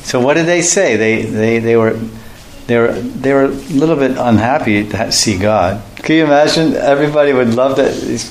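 An animated male preacher telling a story as a sermon, slipping into quoted voices and laughing along the way. His voice sits in the middle range and carries the roomy echo of a hall, with faint ambient noise underneath. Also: mid-range voice, moderate pace. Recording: echoey room.

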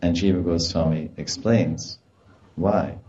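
A man delivers a devotional lecture in a lowish, mellow voice, telling stories with animation and laughter. The sound is muffled, as if from a room with plenty of echo. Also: slow pace. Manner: animated storytelling, acts out quoted voices with laughter. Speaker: spiritual teacher.

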